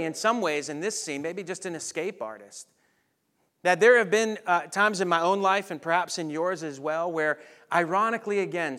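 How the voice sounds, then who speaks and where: A man delivers a sermon in a high, bright-toned voice. He preaches with lively energy, then drops to hushed, soft lines to make a point. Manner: animated preaching, dropping to soft near-whispers on key lines. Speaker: pastor.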